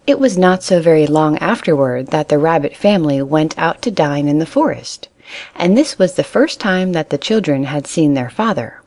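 A woman reading a children's animal story aloud in a calm, even way. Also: sits low, normal speed.

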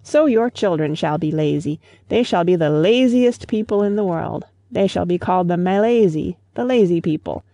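A storyteller voicing a stern, lordly old male magician who speaks in commanding, solemn tones, with a gravelly voice. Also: medium pitch, moderate pace, hardly any pauses, warm tone, no room sound, lightly acted.

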